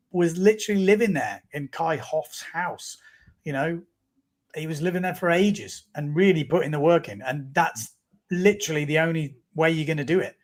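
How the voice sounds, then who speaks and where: A man with a fairly high voice co-hosts a casual live podcast. He explains scoring rules at length and drops into teasing banter. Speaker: podcast co-host and analyst. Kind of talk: casual live-stream chat.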